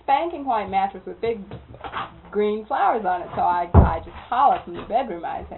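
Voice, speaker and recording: A woman's voice: medium pitch, normal speed, creaky, background noise. Woman telling a story over a tinny line. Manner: animated, laughs often, acts out quoted people. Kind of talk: casual spoken storytelling. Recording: tinny phone-like recording.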